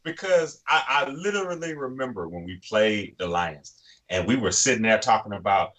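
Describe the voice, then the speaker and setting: Bright-voiced animated podcast man. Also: fairly low pitch, moderate pace. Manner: animated, acts out players' thoughts, repeats "to be honest with you". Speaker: podcast co-host. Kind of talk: casual sports podcast talk.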